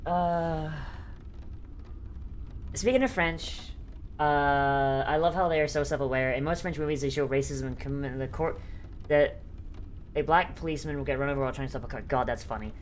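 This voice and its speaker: A young woman chatting on a casual live stream in a fairly low voice. Her talk rambles and swears freely, and it is full of fillers, restarts and quick laughs. Faint background noise sits under the voice. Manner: rambling and profane, with many fillers and frequent laughter.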